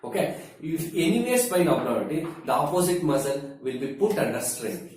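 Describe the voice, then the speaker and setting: A man explains health habits slowly and with many fillers, his voice somewhat high and mellow. He sounds a little far from the mic. The room rings with heavy echo. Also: sing-song. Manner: slow, deliberate, explains with everyday comparisons, frequent fillers. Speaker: wellness expert. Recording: very echoey room, distant mic.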